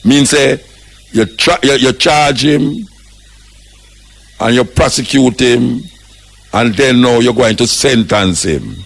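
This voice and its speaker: Older Jamaican radio host, husky voice, fiery preaching monologue in patois. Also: male voice, mid-range voice, takes it slowly, pauses often. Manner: impassioned, preaching, mixes patois with English. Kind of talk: radio talk commentary.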